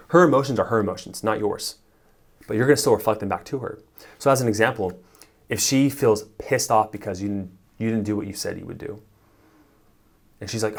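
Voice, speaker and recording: A man talks straight to the camera as a relationship coach. His voice is gravelly and sits fairly low, and he speaks emphatically in a conversational way. Now and then he slips into short acted bits of sample dialogue. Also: brisk, long pauses. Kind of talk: direct-to-camera advice talk.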